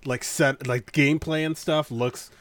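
A man hosting a podcast, chatting casually and animatedly, full of "like" fillers and quick impressions of others. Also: mid-range voice. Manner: animated, filler-heavy, mimics voices. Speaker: podcast host.

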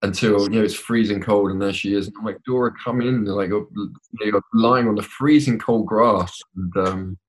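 Deep voiced english guy chatting on a podcast, stumbles and repeats himself a lot. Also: steady tone, normal speed, slight background noise. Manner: hesitant, with many repeated words. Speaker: podcast guest. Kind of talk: casual chat.

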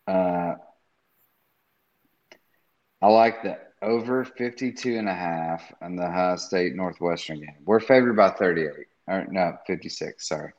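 A man with a very low voice speaks slowly and hesitantly, restarting his sentences as he talks through his bets. The audio is dull and lo-fi. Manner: slow, hesitant, restarts often. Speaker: podcast co-host making betting picks. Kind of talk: casual sports-betting chat.

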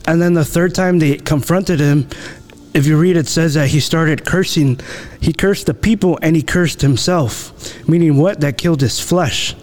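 A man's voice: fairly high pitch, normal speed, darkish tone. A man co-hosting a casual faith discussion, retelling a Bible story and acting out the quoted lines, with frequent "you know".

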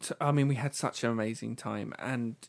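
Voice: medium pitch, fairly even intonation, brisk, gravelly. Enthusiastic podcast host. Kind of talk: casual chat.

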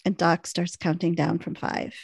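A woman co-hosting a podcast, retelling a TV episode in a quick, animated way. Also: on the low side, gravelly, breathy edge, dry recording. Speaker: podcast co-host recapping a TV episode. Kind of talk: casual recap storytelling.

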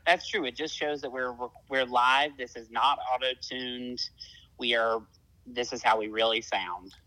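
A man's voice: medium pitch, steady tone, unhurried, sharp tone, low-quality recording. A man with a Southern US accent hosting a casual podcast chat, chatty and self-deprecating. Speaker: podcast host.

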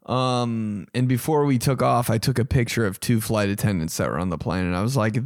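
A young man telling comic stories on his podcast, animated and profane, squeaking high to imitate a beeping alarm. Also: fairly quick, few pauses, dry recording, studio quality. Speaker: comedian podcast host. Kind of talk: casual comedic storytelling.

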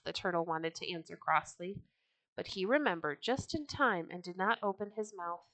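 A woman hosting a podcast, reading children's stories aloud in a clear storytelling manner. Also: on the low side, moderate pace, fairly bright tone, poor audio.

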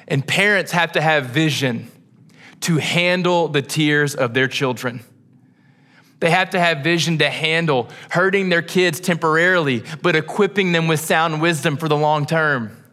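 A young man preaching a sermon as pastor, earnest, pausing for emphasis through long lists. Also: fairly high pitch, sharp tone. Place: church sanctuary.

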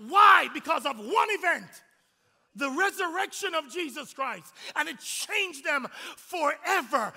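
A man preaching an Easter sermon to his congregation, swinging from hushed whispers to shouts and acting out the voices of the people in his story. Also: very high-pitched, creaky, big-room sound. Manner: acts out quoted voices of disciples and Jesus. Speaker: pastor.

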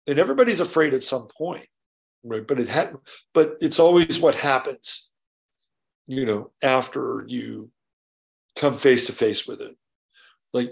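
A man's voice: mid-range voice, vocal fry. A man hosting his own show, telling a rambling story with lots of restarts, casual swearing and "right?" tags. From California. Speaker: show host. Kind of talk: casual solo monologue.

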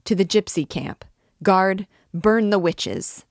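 A woman's voice: sits low, little pitch movement, unhurried, a little mellow, no echo, studio quality. A woman voicing a desperate young mother crying out and pleading for her lost child in a storybook reading. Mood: frenzied. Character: frantic grief-stricken young mother searching for her child.

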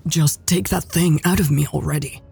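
A woman voicing a dazed, injured young woman who talks in a croaky, impatient way in an audiobook. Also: sits low, steady tone, normal speed, warm tone, full character voice. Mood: impatient urgent.

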